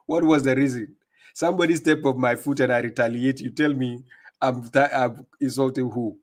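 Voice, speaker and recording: A man's voice: medium pitch, fairly even intonation, normal speed. A man with a non-native English accent hosting a live stream, reading viewer comments aloud and commenting emphatically, often repeating his words. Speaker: livestream host.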